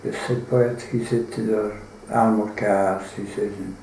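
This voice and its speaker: A man's voice: fairly low pitch, steady tone, unhurried, vocal fry, a little mellow, echoey room, a little hiss or hum, low-quality recording. An Irish man telling a folk tale in a rambling, colloquial way, full of swearing. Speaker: storyteller.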